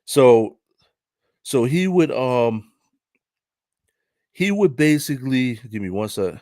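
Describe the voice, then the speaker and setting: A man's voice: medium pitch, expressive, slow pace, a little mellow, no room sound, clean studio sound. Chatty Philadelphia man telling a story. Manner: loose, repetitive, keeps asking "right?". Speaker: vlogger. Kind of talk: casual storytelling commentary.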